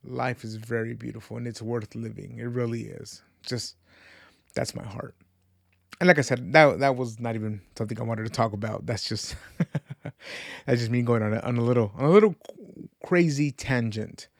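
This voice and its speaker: Earnest man with a gravelly voice. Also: medium pitch, moderate pace, no room sound, studio quality. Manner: earnest, rambling, repeats words while searching for them. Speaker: podcast host. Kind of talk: casual reflective faith talk.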